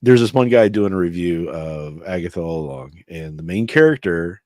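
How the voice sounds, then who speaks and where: A man's voice: low-pitched, expressive, normal speed, a little mellow, no room sound. A man co-hosting a casual podcast, rambling through his opinions with restarts and chuckles. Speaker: co-host.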